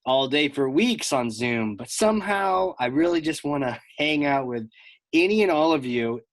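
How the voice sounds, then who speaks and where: A man hosting a podcast, chatting casually and telling lively stories with plenty of fillers. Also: a little high, normal speed, no echo. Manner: animated storyteller, lots of fillers. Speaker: podcast host. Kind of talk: casual conversation.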